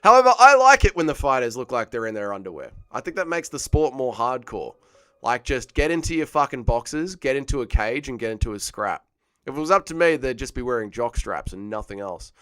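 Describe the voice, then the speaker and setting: A man's voice: medium pitch, sing-song, brisk, pushed and bright, clean tone, no echo, studio quality. A man, hosting a casual fight watch-along stream and joking crudely as he reads chat aloud. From Australia. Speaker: livestream host.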